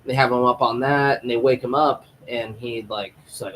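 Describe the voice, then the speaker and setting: A man's voice: medium pitch, normal speed, hardly any pauses, background noise. Rambling, foul-mouthed male show reviewer. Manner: rambling, profane, animated. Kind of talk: live episode recap.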